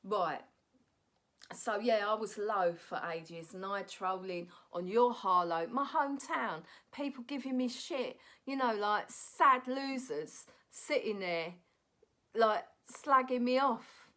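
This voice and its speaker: A woman, a stand-up comic and actress, telling a candid personal story to her phone camera in a blunt, animated way, often tagging "right?" onto her lines. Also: medium pitch, slow.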